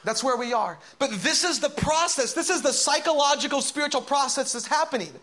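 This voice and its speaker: A man preaching a sermon, swinging between loud, urgent calls and hushed whispers as he acts out inner voices. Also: very high voice, fairly quick. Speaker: pastor.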